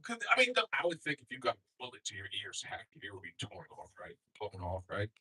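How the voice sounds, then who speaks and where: A middle-aged man working through a loose stand-up comedy set, profane and rambling. His voice swings widely in pitch and carries a bright, edgy tone with a husky grain. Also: wildly swooping pitch, fast talker, low-quality recording. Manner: profane, rambling, loud bursts when acting out others.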